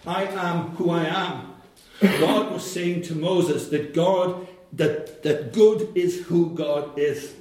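A man preaching a sermon, slow and emphatic, repeating phrases for weight. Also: a little high, warm tone. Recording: very echoey room.

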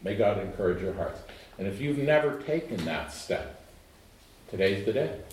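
Preacher, male, middle-aged, lowish voice, earnest sermon delivery, roomy echo, mic a bit distant. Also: very animated, moderate pace, slight background noise. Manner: earnest, swings from emphatic to hushed and low.

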